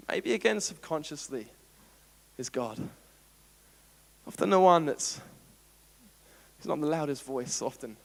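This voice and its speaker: An Australian man preaching a sermon as pastor, animated and playful, acting out everyday scenes. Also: medium pitch, gravelly. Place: church auditorium. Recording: long church hall reverb.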